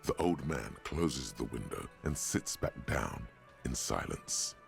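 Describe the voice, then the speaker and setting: An actor as a detached, omniscient video game narrator with measured, literary delivery. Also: male voice, extremely low pitch, sing-song, creaky, soft background music, full character voice.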